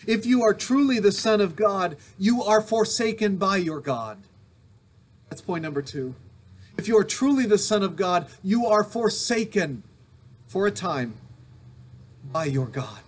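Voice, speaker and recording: A male pastor giving an earnest, emphatic sermon recorded at home, returning to repeated refrains. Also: high-pitched. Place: home during a thunderstorm.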